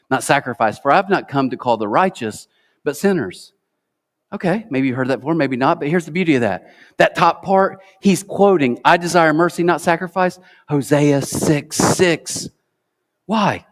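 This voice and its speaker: A middle-aged American man preaching an Easter sermon, telling stories with lively acted-out quotes. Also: on the high side, normal speed. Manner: animated storytelling, acts out quoted voices. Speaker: pastor. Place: large church auditorium. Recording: long hall reverb.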